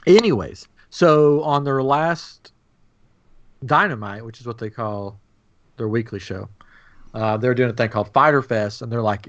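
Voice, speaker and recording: Man co-host, casual storyteller, mid pitch, slightly muffled stream sound. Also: a little slow. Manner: chatty storyteller, laughs often. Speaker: podcast co-host. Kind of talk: casual chat.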